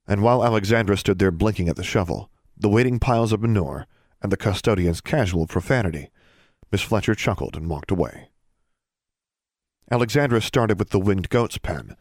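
A man narrating a fantasy audiobook in a steady, even storytelling manner. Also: fairly low pitch, dry recording, studio quality. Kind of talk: scripted narration.

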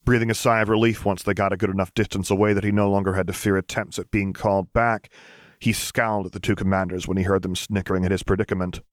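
A man narrating fan fiction as an audiobook reader, in a steady, measured way. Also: deep voice, dry recording.

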